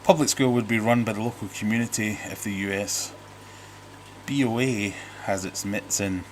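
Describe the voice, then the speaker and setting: A man's voice: on the low side, moderate pace, a little hiss or hum. A middle-aged British man hosting a casual livestream, reading viewer comments aloud and rambling with jokes and restarts. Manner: rambling, jokey, self-interrupting. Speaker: livestream host. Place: home fish room.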